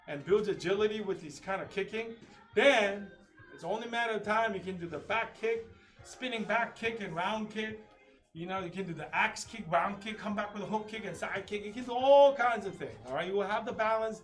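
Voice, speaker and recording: A man teaching a live online taekwondo class, calling kick counts and drills with sharp shouts. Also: high voice, recorded from a distance. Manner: coaching commands, loud kiai shouts. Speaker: taekwondo instructor. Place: training studio.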